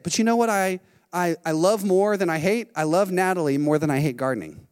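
A middle-aged man preaching a sermon, telling a lively story and acting out what people said. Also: high-pitched, a little fast, smooth. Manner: animated storytelling, acting out quotes. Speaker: pastor. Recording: long hall reverb.

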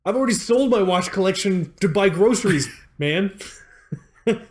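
A young adult man co-hosting a podcast in casual chat, animated, swearing freely and restarting his sentences as he rambles. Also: sits high, normal speed. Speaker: podcast co-host.

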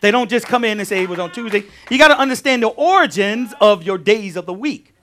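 A male pastor teaching a sermon, animated, repeating key phrases and firing questions at his congregation. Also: high-pitched, fast talker, slight background noise.

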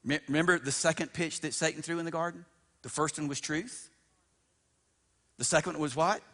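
A man in his fifties, a pastor preaching a sermon, swinging between loud emphatic bursts and hushed storytelling and repeating words as he builds up. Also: on the high side, a little fast, long pauses. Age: 50s. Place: church sanctuary. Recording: long church-hall reverb.

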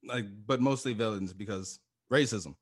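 A man's voice: lowish voice, normal speed, husky. A man co-hosting a podcast in casual chat, loose and profane, repeating himself for emphasis and laughing often. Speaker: podcast co-host.

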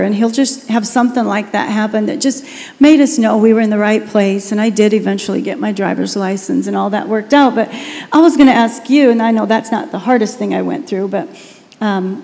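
A pastor's wife telling a personal testimony during a sermon in an emotional, animated way. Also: female voice, medium pitch, moderate pace, vocal fry, big-room sound.

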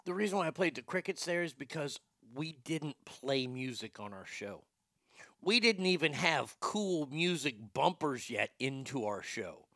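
Gravelly, bright-voiced ranting male host. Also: a little high, lively intonation, measured pace, no echo, clean studio sound. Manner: profane, ranting, fired-up storytelling. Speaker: radio show host. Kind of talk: talk show rant.

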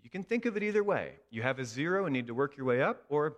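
A man preaching a sermon in a church, telling a story in an emphatic, expressive way. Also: on the high side, quick pace, hardly any pauses. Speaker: pastor. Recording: long hall reverb.

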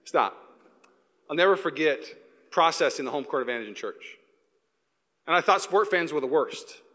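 A man from Seattle preaching a lively sermon to his congregation in a church, sometimes acting out shouting sports fans. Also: a little high, moderate pace, in a large hall. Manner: animated, acts out shouting fans. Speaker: pastor.

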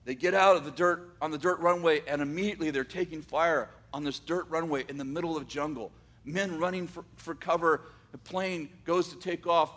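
A man telling a dramatic story, swinging from loud bursts to hushed asides. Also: a little high, steady tone, brisk.

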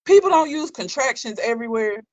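Casual chat, from Alabama, measured, dry close sound. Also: medium pitch, animated, no echo.

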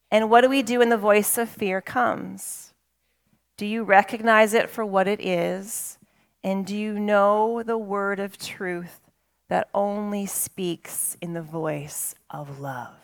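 A woman pastor delivering a sermon, slow and emphatic, with dramatic pauses. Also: mid-range voice, fairly even intonation.

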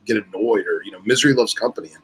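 A man speaking as a guest on a casual podcast, relaxed and peppering his speech with "you know". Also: on the low side, very fast, breathy edge, rough recording.

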